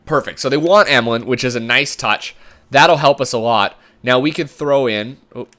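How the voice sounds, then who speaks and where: A man's voice: medium pitch, moderate pace, pushed and bright. A man giving casual commentary while playing a sports management game, thinking aloud in a chatty way. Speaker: gamer commentator.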